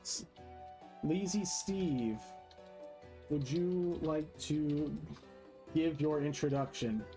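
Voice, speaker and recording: A man's voice: fairly high pitch, very slow, dark tone, faint music behind. A man hosting a casual stream, reading a role-play debate aloud with amused asides as moderator.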